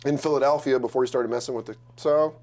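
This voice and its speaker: Casual animated guy guesting on a live podcast taping, lots of laughs and voice bits, mid pitch. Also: fast. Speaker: comedian guest.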